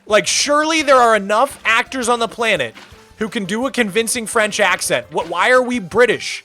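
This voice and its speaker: A man in his thirties chatting casually on a live game stream, rambling in an animated way with lots of filler words. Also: high-pitched, normal speed, soft background music. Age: 30s.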